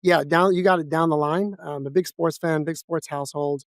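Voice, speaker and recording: A man with a New York accent, a guest in a casual interview, talking fast and bluntly with lots of energy. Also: fairly high pitch, steady tone, no echo, studio quality. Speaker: guest, financial advisor. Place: office.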